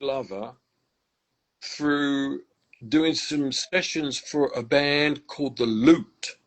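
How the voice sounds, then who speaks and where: This older English musician talks extremely slowly in a medium-pitched voice, sharing stories during a casual interview. Warm and reflective, he speaks about faith and keeps restarting his sentences. Audio quality is poor.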